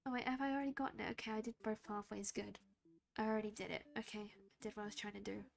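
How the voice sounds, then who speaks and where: A woman's voice: mid-range voice, little pitch movement, fast talker, creaky, faint music behind. A young woman streamer casually talking through a game, hesitant and muttering to herself as she picks options. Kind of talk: casual gameplay commentary.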